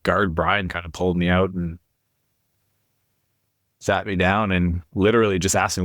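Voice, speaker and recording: A man's voice: deep voice, flat delivery, normal speed, a bit bright, dry recording, clean studio sound. A middle-aged man, a podcast guest, telling his life story candidly and earnestly, often quoting other people as he goes.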